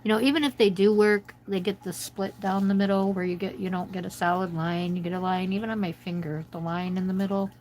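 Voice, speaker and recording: Talking briskly with hardly a pause, a woman from the United States rambles to viewers during a casual coloring livestream at home. Her mid-range voice is darkish and fairly even in intonation, captured on a rough recording.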